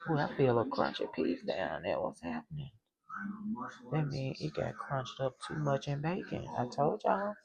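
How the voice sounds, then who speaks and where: Chatty woman with a gravelly voice. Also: rumbling low, big pitch swings, normal speed, crowd noise, low-quality recording. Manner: chatty, exclaims and laughs often. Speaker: cooking vlogger. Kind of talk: casual kitchen chat to viewers.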